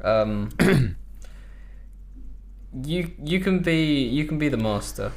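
A young man co-hosting a podcast in casual chat, relaxed, swearing freely and laughing often. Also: fairly high pitch, takes it slowly, creaky. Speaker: podcast co-host.

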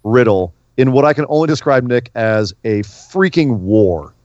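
A man's voice: medium pitch, lively intonation, moderate pace, darkish tone, no echo, highs cut off. A man co-hosting a casual wrestling talk show, chatty and prone to repeating words as he starts a thought. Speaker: podcast co-host.

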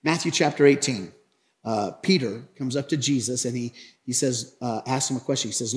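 A man preaching a sermon as pastor, animated and acting out the people in his story. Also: mid-range voice, brisk. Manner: animated, acts out Bible characters.

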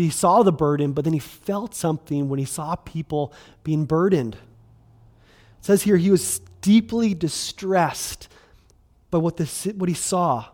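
A middle-aged pastor delivering a sermon as if chatting with friends. His voice sits a little high for a man, and he fills his speech with casual asides, quick bursts and restarts. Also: darkish tone. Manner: conversational, filler-heavy, restarts, quick bursts.

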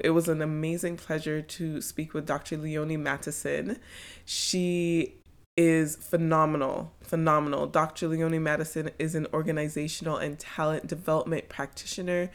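Podcast host lady, pretty low voice, earnest, says um a bit. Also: level tone, normal speed. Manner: apologetic, earnest, with fillers. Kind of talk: podcast intro and announcement.

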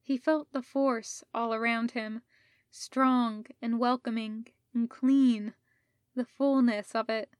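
Woman reading fanfic aloud, really slow and even, kinda high voice, dry close sound. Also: no echo. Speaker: audiobook reader. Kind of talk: fan fiction audiobook narration.

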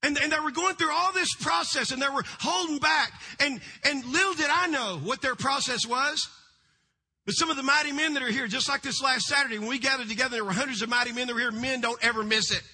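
In a large church, a middle-aged pastor preaches a sermon with fervent swings between loud cries and hushed storytelling. His voice is very high and his delivery fast.

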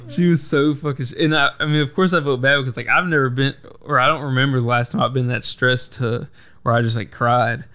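A man's voice: mid-range voice, fairly even intonation, fairly quick, bright, forceful tone, clear, resonant tone. A young man hosting a podcast, telling a long story in a rambling casual way, full of "like" and swearing. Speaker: podcast host. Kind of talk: casual chat.

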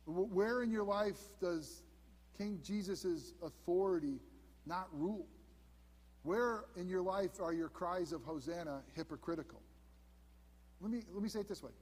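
Fifties male pastor, husky voice. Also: sits high, unhurried, long reverb tail. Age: 50s. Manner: earnest preaching, drops to hushed emphasis. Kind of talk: sermon. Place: church sanctuary.

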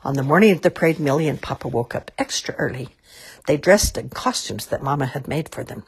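Storybook narrator, woman, low and breathy. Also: brisk. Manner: expressive, lilting. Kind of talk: storybook read-aloud.

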